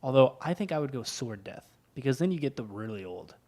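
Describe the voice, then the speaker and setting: A young man in easy podcast chat, talking at a middle pitch in a loose, rambling way. He laughs often and restarts his words. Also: very animated, a little fast, a little mellow. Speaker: podcast co-host. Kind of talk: casual chat.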